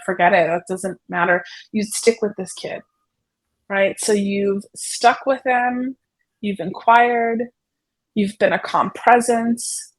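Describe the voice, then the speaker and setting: A woman's voice: medium pitch, rough recording. Woman psychotherapist telling a vivid story. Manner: vivid, expressive storyteller who paints scenes for the listener. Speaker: psychotherapist guest. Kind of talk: conversational explanation with an illustrative story.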